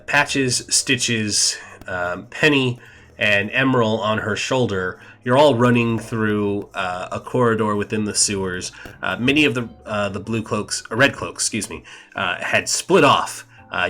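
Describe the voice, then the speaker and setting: A man's voice: on the low side, pushed and bright. A man narrating a tabletop game as game master, rambling with many fillers.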